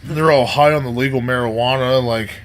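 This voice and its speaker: A man's voice: medium pitch, fairly quick. A man co-hosting a comedy podcast, tossing out joking, profane asides. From Canada. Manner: joking, deadpan asides with swearing. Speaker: podcast co-host. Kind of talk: casual chat.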